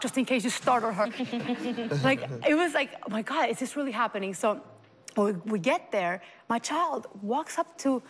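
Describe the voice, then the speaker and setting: A woman guest on an interview show, a mother telling her story in an earnest, animated way and acting out the dialogue. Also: medium pitch, big-room sound. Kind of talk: emotional personal storytelling.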